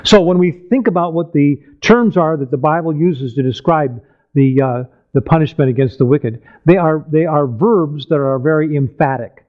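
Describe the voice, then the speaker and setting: A man's voice: on the high side, moderate pace. Man teaching a Bible sermon, muffled. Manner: reads scripture aloud and explains it with questions. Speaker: preacher.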